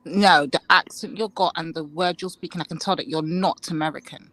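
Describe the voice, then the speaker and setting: A woman's voice: deep voice, fairly quick, fairly bright tone, poor audio. A woman on an online panel who asks blunt, probing questions. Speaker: panel participant. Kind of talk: casual panel discussion.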